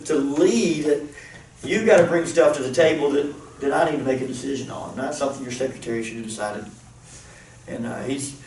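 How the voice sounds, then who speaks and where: A man's voice: mid-range voice, a little mellow. A man, a pastor, leading a group planning discussion in an earnest, casual teaching manner, repeating himself as he thinks. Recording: roomy, distant mic, faint noise.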